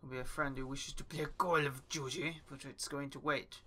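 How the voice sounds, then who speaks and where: A man's voice: medium pitch, steady tone, brisk, bright, forceful tone, a little hiss or hum. Chatty swearing man gaming. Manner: chatty, swears often, talks to himself while playing. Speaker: gaming YouTuber. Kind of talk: casual let's play commentary.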